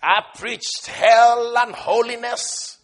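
A man preaching a sermon with passion, swinging between shouted lines and hushed asides, and telling stories with a laugh. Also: very high-pitched, fairly even intonation, takes it slowly. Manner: impassioned, shouting bursts and sudden hushed asides; storytelling with laughter.

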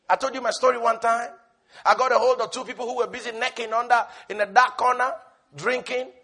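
A man preaching a sermon with passion, swinging between shouted lines and hushed asides, and telling stories with a laugh. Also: very high voice, slightly rough. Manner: impassioned, shouting bursts and sudden hushed asides; storytelling with laughter.

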